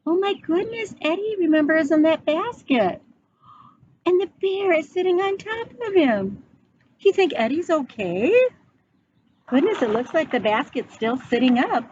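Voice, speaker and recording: A woman teacher reading a picture book aloud to children, pausing to ask them questions. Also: high voice. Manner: slow, animated, asking children questions. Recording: dull, slightly noisy recording.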